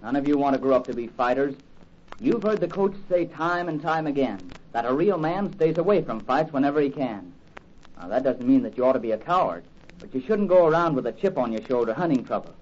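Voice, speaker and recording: A man playing a steady, earnest young hero. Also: medium pitch, a little fast, natural voice. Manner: calm, earnest, lecturing. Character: steady young athlete hero, fatherly to kids. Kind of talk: 1940s radio acting. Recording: dull old radio recording with faint hiss.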